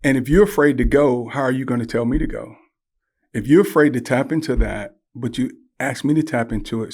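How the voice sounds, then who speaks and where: An older man, a guest on a podcast interview, telling animated stories and acting out the voices he quotes. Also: medium pitch. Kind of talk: conversational interview.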